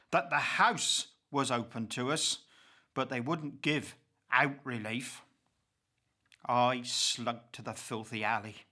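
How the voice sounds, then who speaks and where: A man reciting dramatic verse in the role of an old grieving pauper, slow and impassioned. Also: a little high, bright, forceful tone, exaggerated voice. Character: old grieving male pauper, bitter and accusing.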